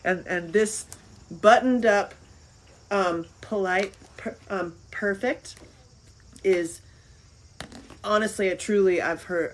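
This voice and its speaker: A woman talking as an interview guest in casual chat. She is animated, laughs often and repeats phrases. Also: medium pitch, takes it slowly, pauses often, a little hiss or hum, poor audio. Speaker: interview guest, filmmaker and author.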